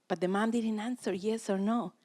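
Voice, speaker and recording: A woman's voice: medium pitch, steady tone, moderate pace, a little mellow. A woman giving a practical, direct parenting talk at a church seminar. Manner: direct, practical, acts out family dialogue. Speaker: speaker at a parenting session.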